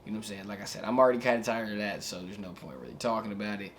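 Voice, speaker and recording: A man's voice: lowish voice, racing, a little hiss or hum. A young man giving casual reaction commentary as a wrestling vlogger, laid-back and slangy, rambling with filler asides.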